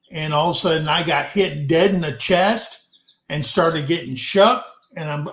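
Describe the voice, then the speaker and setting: A man's voice: fairly high pitch, reverberant. A man in his fifties hosting a casual livestream, rambling in a folksy way and often adding "okay" and "guys". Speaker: livestream host, veteran.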